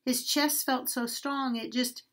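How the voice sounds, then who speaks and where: A woman reading a rhyming story aloud to children at a church, expressive and sing-song. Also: high-pitched, a little slow.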